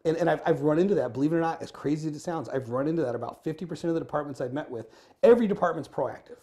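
A middle-aged man, a guest in an interview, telling stories in a lively, animated way and acting out dialogue. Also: fairly high pitch, rapid-fire. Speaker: guest, former firefighter and business owner. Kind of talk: casual interview storytelling. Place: Arizona.

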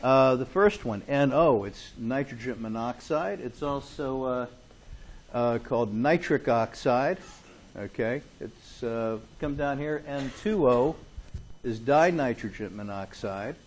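A man's voice: mid-range voice, animated, takes it slowly. A man lecturing a chemistry class in a classroom, chatty and joking, often checking in with "okay?". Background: students in class.

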